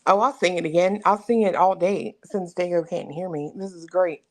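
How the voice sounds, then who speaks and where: A woman's voice: on the low side, moderate pace. A woman co-hosting a casual online show, chatting playfully and joking to the audience while waiting on her partner. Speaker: co-host. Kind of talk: casual livestream chat.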